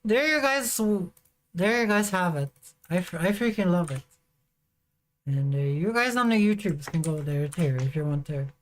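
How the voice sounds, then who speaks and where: A woman's voice: lowish voice, animated, normal speed, a little hiss or hum. A woman streamer from Sweden in casual livestream chat with her viewers, rambling, giggling and swearing freely.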